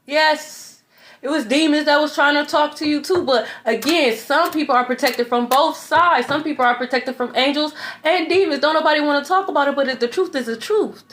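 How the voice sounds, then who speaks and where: A woman's voice: sits high, fairly quick, fairly bright tone. A woman giving a spiritual tarot reading in a blunt, preachy way. She swears, laughs in scorn and keeps asking "okay?". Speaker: tarot reader.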